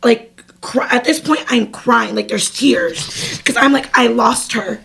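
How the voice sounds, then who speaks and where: Young woman on a podcast, kinda gravelly and husky, chatty storyteller, says like a lot. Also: on the high side, unhurried. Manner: animated, laughing, lots of "like". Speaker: podcast co-host. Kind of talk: casual storytelling chat.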